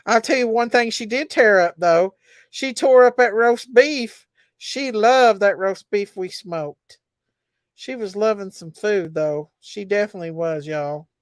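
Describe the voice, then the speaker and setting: A woman hosts a casual livestream, chatting with viewers and reading their comments aloud. Her voice is smooth and clear, recorded dry and close. She talks in an emotional, chatty way. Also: medium pitch, measured pace, no room sound. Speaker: livestream host.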